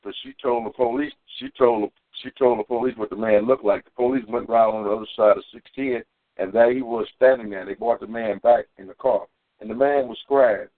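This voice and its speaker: A man preaching and telling a personal testimony on a community call, fervent, with sudden high bursts when he quotes himself. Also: steady tone, fairly quick, dry recording. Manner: fervent storytelling, climbing high for quoted shouts. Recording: tinny phone line.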